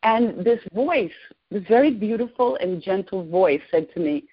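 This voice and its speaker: A woman in her sixties, a podcast guest, excitedly and emotionally telling a personal story. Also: mid-range voice, unhurried, husky. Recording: lo-fi podcast audio.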